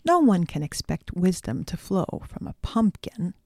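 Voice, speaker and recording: A pompous, oversized insect who is quietly pleased with himself, as a woman narrator puts him on. He murmurs his words softly and slowly. The tone is mellow and close. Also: lowish voice, big pitch swings, vocal fry, no echo, full character voice. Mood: smug. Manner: smug, soft-spoken. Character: smug, pompous male giant insect.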